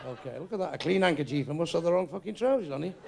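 Older gravelly comic. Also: male voice, a little high, expressive, racing, very noisy. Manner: crude, brash, swearing punchlines. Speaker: stand-up comedian. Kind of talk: stand-up comedy routine. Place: comedy club stage before a live audience.

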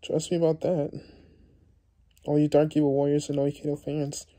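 A young man vlogging to his viewers, tearful and halting, repeating words and restarting often. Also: on the high side, level tone, dark tone. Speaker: YouTuber. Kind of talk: emotional vlog talk to viewers.

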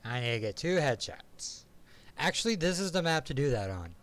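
Lively, profane young male streamer. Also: a little high, normal speed. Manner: profane, excitable, frequent loud outbursts. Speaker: game streamer. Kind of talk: casual live-stream commentary.

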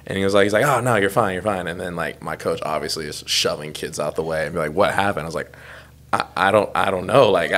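A man's voice: lowish voice, fairly bright tone. A young man in his twenties, co-hosting a podcast, telling a rambling, self-deprecating story in a casual chat and laughing through it. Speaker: podcast co-host.

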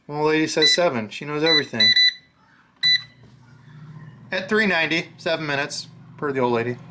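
A man's voice: on the high side, animated, moderate pace, very noisy. A man hosting a fishing channel, narrating a casual cooking vlog in his home kitchen. He talks loosely and jokes as he cooks.

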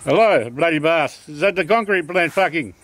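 A man's voice: on the high side, expressive, normal speed, a bit bright, a little hiss or hum. A man voicing a grumpy, foul-mouthed father who runs a concreting crew in a comedy sketch. He swears constantly in broken English. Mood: grumbling.

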